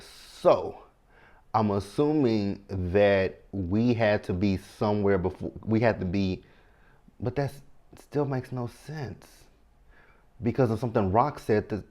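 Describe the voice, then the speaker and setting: A man, casually recapping a TV episode and talking straight to his viewers. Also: lowish voice. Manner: chatty and animated, talks to viewers directly. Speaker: TV show recap host.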